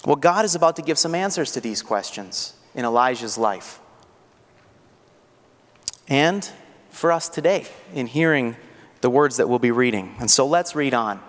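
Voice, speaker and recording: A man's voice: mid-range voice, lively intonation, moderate pace, pauses often. A man preaching a sermon as pastor, earnest and building to fervent rhetorical questions. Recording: long hall reverb.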